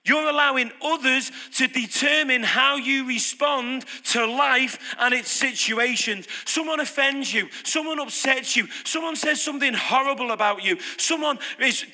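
Bright-voiced British preacher in a hall. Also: male voice, very high voice, moderate pace, hardly any pauses. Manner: lively, conversational, asks the congregation questions. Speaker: pastor. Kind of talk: sermon. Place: church hall. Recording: reverberant hall.

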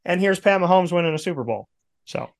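A male sports broadcaster with a somewhat high voice talks casually on his show. He tells animated stories and acts out the quotes. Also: brisk.

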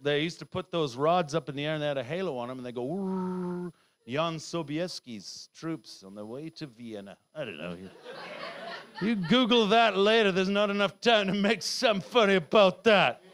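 A middle-aged man performing a rambling, self-heckling stand-up set, now and then bursting into shouts. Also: high-pitched, lively intonation, brisk, clear, resonant tone. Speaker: stand-up comedian.

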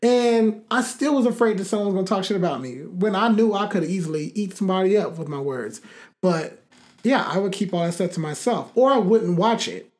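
A man's voice: high-pitched, animated, brisk, a little mellow. A man co-hosting a casual chat, talking bluntly and emphatically, with profane and fiery rants.

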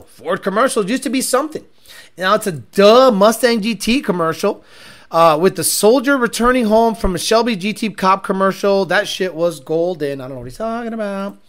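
A man's voice: high voice, animated, a little fast, fairly bright tone. A man hosting a casual reaction video, rambling and joking in a crude, profane way. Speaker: host.

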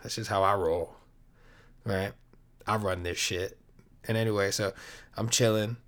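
A man's voice: on the low side, fairly even intonation, unhurried, fairly bright tone. A man hosting his own podcast, talking alone in a rambling, laid-back way, with plenty of swearing as he tells stories. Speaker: podcast host. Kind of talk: casual solo podcast monologue.

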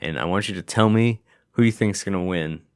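A man's voice: low voice, a little fast, no echo, clean studio sound. A man co-hosting a casual sports podcast, loose and blunt, swearing casually. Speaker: podcast co-host leading a segment.

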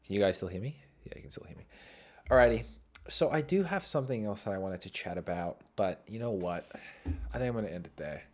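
A man's voice: fairly low pitch, fast talker. A man who is sick, hosting a podcast and telling a story in a casual, laughing way. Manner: animated, laughs through his own story. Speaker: podcast host.

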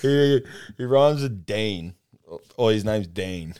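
A young man with a low voice and a dry, close sound, talking loosely in a studio. He swears freely and acts out quotes with animation. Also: expressive, takes it slowly, dark tone, smooth, no room sound. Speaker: podcast co-host. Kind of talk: casual chat.

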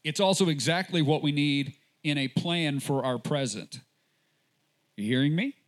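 A man pastor preaching a sermon, emphatic, with repeated rhetorical questions and a deliberate delivery. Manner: slow, deliberate delivery with sudden rises in pitch.

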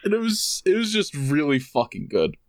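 A man's voice: on the high side, big pitch swings, normal speed, no echo, clean studio sound. A man co-hosting a casual podcast, telling a long story full of fillers and acting out the quotes. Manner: rambling storyteller, many fillers, acts out quotes. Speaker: podcast co-host. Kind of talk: casual chat.

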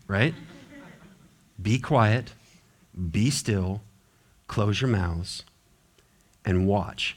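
A man's voice: fairly low pitch, extremely slow, long pauses. A male pastor preaching a sermon in an earnest, exhorting way, with lots of repeated phrases.

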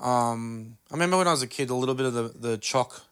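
A man's voice: medium pitch, quick pace, fairly bright tone, smooth. A man with an Australian accent hosting a podcast, chatting in a rambling way with lots of asides and fillers. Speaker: podcast host. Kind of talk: casual podcast chat.

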